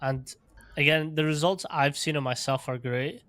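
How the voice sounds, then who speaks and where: A man who works as a strength coach, explaining his training in casual podcast talk, filling pauses with "like" and "um". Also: fairly high pitch. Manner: even, filler-heavy explaining with frequent "like" and "um".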